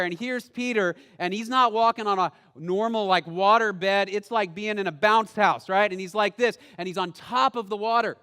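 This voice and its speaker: A man preaching a sermon as pastor, telling a story with sudden loud bursts and long, hushed, slow phrases. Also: sits high, smooth, big-room sound. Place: church sanctuary.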